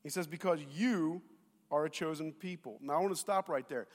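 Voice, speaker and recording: A man preaching a sermon to his congregation on a lapel mic, telling stories in an animated way and speaking straight to the people in front of him. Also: on the high side, a little fast. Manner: animated storytelling, addresses the congregation directly. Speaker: pastor. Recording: long reverb of a big hall.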